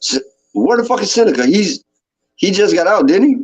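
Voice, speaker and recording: A man's voice: high-pitched, animated, brisk. Profane man ribbing his friend. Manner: profane, mock-outraged ribbing. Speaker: podcast co-host. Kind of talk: casual chat. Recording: dull lo-fi stream audio.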